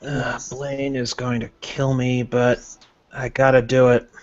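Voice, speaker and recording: A man taking his turn in a tabletop game, speaking in character with an easygoing, casual delivery. He talks slowly, and the lo-fi recording sounds dull. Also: mid-range voice, little pitch movement. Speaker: player.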